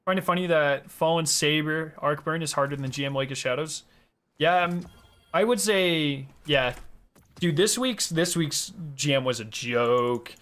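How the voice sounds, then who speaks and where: A man's voice: on the high side, measured pace, a bit bright, clear, resonant tone, faint music behind. A young man streaming a game, chatting casually with his viewers, joking and swearing as he laughs often. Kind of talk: casual live-stream chat.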